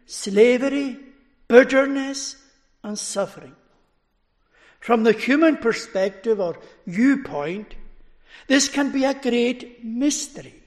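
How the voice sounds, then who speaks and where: A man preaching a sermon in a measured way, letting his voice fall at the end of phrases. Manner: slow, measured delivery, dropping low at phrase ends.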